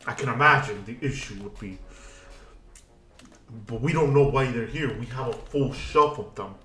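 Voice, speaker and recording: A man's voice: mid-range voice, normal speed, bright, forceful tone, natural voice. A man voicing a male tavern owner who gushes and stammers, recorded in an echoey room. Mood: nervous. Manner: effusive, stammering. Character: male tavern owner, jovial then nervous.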